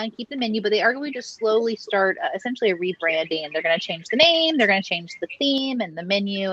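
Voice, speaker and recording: A woman's voice: medium pitch, a bit bright, highs cut off. A woman co-hosting a casual food news podcast, chatty, with frequent ums and uhs. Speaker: podcast co-host.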